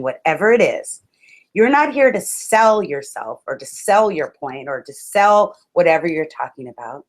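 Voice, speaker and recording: A woman motivational speaker in a webinar, talking to her listeners like friends. Her voice sits a little low, and her delivery is animated and expressive, with sudden exclamations. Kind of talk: webinar talk on public speaking.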